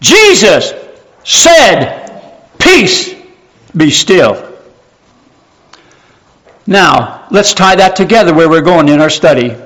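A man preaching a sermon, emphatic, repeating key phrases slowly and dropping to hushed tones. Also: high-pitched, very animated, rough recording.

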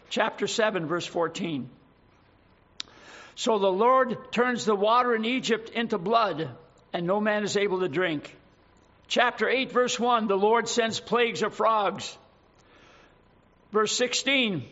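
A man's voice: high-pitched, a bit bright. A man preaching a sermon, reading scripture aloud with dramatic emphasis and adding his own asides. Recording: dull lo-fi recording.

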